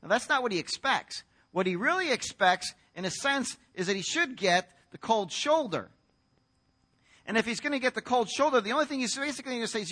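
A man's voice: extremely high pitch, animated, fairly quick, pushed and bright. An American man preaching a sermon in a conversational storytelling way, acting out the voices in the story. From United States. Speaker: pastor.

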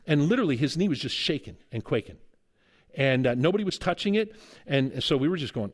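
His voice sits on the high side and moves fairly quickly. He's a middle-aged guest preacher and seminary teacher, spinning a lively, humorous sermon story with chuckles.

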